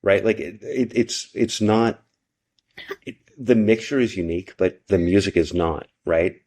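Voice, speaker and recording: Low-voiced man rambling and swearing. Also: fairly even intonation, a little slow, a little mellow. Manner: rambling, swears a lot, ends lines with "right?". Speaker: podcast host. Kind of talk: casual chat.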